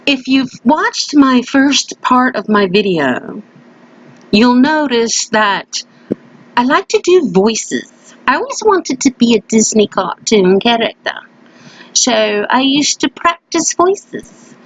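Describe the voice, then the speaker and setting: A woman's voice: on the high side, very animated, slow pace, dull audio. A woman hosting a crafting video, chatting playfully as she works and often slipping into a put-on folksy country voice. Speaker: craft channel host. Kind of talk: casual crafting voice-over. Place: at home.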